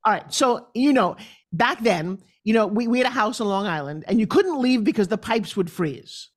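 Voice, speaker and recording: A woman's voice: medium pitch, expressive, moderate pace. A woman from New York with a New York accent, a podcast guest telling her life story in a blunt, emphatic way. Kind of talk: candid interview storytelling.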